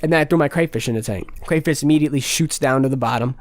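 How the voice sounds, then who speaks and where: A man's voice: medium pitch, very fast, dry recording. A young man casually telling a rambling storytime, slangy and profane, full of "like" and "bro". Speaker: vlogger.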